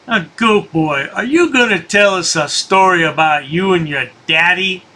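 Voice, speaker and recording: A man's voice: sits high, expressive, normal speed, pushed and bright, slight background noise. A man hosting a commentary channel, taunting the person in the clips with sarcastic remarks. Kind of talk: mocking commentary over clips.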